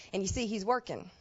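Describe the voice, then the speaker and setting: A woman pastor telling a personal story in a sermon, talking in a plain, colloquial way that drops to quiet asides and rises to loud emotional bursts. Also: mid-range voice, dull audio. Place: church sanctuary.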